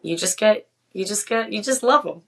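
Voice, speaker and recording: A woman's voice: mid-range voice, expressive, vocal fry, a bit bright. A woman in her thirties with a Massachusetts accent, a podcast guest talking with enthusiasm and teasing humor. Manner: enthusiastic, teasing, quick to laugh. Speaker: guest, whale conservationist. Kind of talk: casual interview chat.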